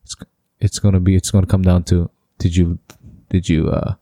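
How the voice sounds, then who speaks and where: Male interviewer. Very low, dark, flat voice, dry close sound, hesitant questions. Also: normal speed, dry recording. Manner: hesitant, stumbling questions with frequent affirming murmurs.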